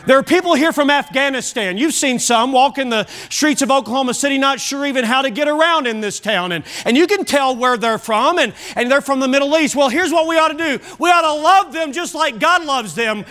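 A middle-aged pastor preaching in church, his voice pitched high with a bright edge. He tells stories with animation, often tripping over and repeating the first words of a line before pushing on. The delivery is that of a man in full flow behind the pulpit. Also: a little fast, hardly any pauses. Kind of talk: sermon.

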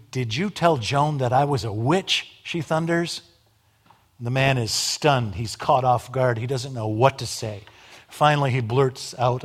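A man preaching a sermon, emphatic, with dramatic rises and drops in volume and wry asides. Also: medium pitch. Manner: wry humor.

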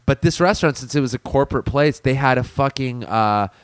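A man co-hosting a podcast, telling long work stories in a casual, profane, lively way. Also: medium pitch, a little fast, clean tone, no room sound. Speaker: podcast co-host.

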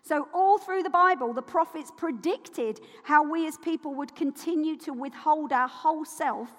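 A high-voiced woman delivers a sermon in a church whose long reverb trails after each phrase. She preaches with rhetorical questions and passion, dropping to soft asides and then rising into forceful indignation. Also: normal speed. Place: church hall.

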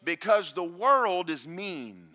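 Pastor, man, booming voice, bright and animated, joking at his own expense. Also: slow. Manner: loud, booming preacher with self-deprecating humor. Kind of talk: sermon. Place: church.

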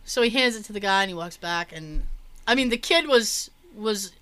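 A woman's voice: medium pitch, expressive, normal speed, fairly bright tone. A woman in casual podcast chat, telling an anecdote loosely with plenty of fillers and asides. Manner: chatty storyteller, lots of likes and ums.

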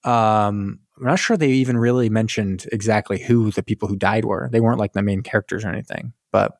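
A man's voice: fairly low pitch, fairly quick, gravelly, no room sound, studio quality. A man on a podcast retelling a war film in casual chat, acting out characters' lines, swearing and laughing. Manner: animated storytelling, acts out lines, swears and laughs. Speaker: podcast co-host.

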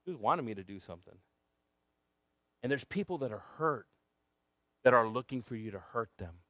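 A man preaching a sermon, telling a personal story with big swings from loud shouting down to a near whisper, sometimes switching to Spanish for the congregation. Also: mid-range voice, animated, normal speed, no room sound, studio quality. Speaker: pastor.

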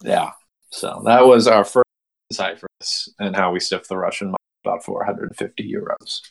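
Podcast host, young man, low voice, animated storyteller who acts out dialogue. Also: moderate pace, creaky. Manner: animated, acts out quotes with big pitch jumps. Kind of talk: casual storytelling.

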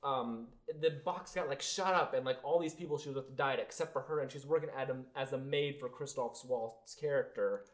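A man's voice: medium pitch, a little fast, few pauses. A young man chatting casually about a film on a podcast, rambling with lots of fillers and trailing off. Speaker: podcast co-host. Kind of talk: casual movie review chat.

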